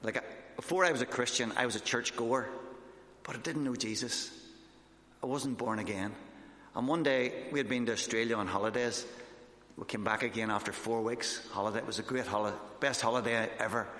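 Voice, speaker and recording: A man with a mid-range, fairly bright voice speaks fairly quickly. He's a missionary giving an informal sermon that includes his own testimony, chatting along with fillers and restarts. The recording sounds like it was made in an echoey hall.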